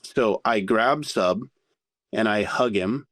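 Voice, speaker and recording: A man telling a candid story as a podcast guest, animated and full of swearing. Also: on the low side, takes it slowly, dry recording, studio quality. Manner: profane, animated anecdote-telling.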